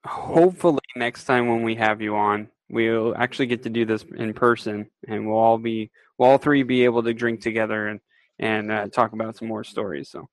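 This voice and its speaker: A young adult man, a podcast co-host, telling a drinking story in casual chat, animated and laughing often. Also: lowish voice, moderate pace, no echo.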